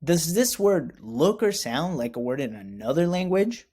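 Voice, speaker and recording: A man teaching a recorded lesson to young students, speaking slowly and clearly with repeat-after-me prompts. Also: on the high side, sing-song, mellow.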